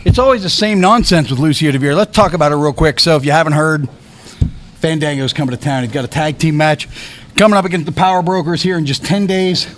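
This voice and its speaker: Male wrestling commentator, high voice, excitable, a little breathless. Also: fast, slight background noise. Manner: excitable, calls the action. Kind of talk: live play-by-play commentary.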